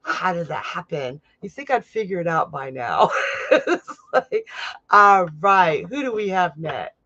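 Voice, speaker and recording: Slow, chatty male psychic on a live stream. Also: sits high, sing-song, bright, forceful tone, no room sound, highs cut off. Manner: chatty, laughs often, talks to viewers as you guys. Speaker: psychic host doing live readings. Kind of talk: casual live-stream tarot reading.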